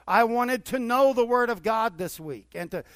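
A man's voice: very high voice, lively intonation, normal speed, a bit bright, smooth, dry recording. A middle-aged male pastor preaching conversationally, with repeated surges of enthusiasm. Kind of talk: sermon.

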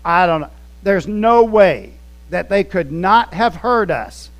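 A man's voice: sits high, animated, takes it slowly, rough recording. A male pastor preaching in a conversational way, telling anecdotes and acting out scenes as he goes. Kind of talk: storytelling sermon.

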